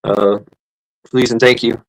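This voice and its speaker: Gravelly-voiced guy hosting a live stream, lots of uh and you know, chatty. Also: mid-range voice, steady tone, unhurried, rough recording. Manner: rambling, many fillers and restarts, reads out chat. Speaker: livestream host. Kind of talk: casual livestream chat.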